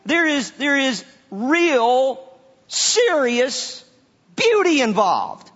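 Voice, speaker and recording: High-voiced guy preaching, lots of stammered repeats, echoey hall, kinda muffled. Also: big pitch swings, a bit bright. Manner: halting, repeats words often. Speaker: pastor. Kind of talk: sermon.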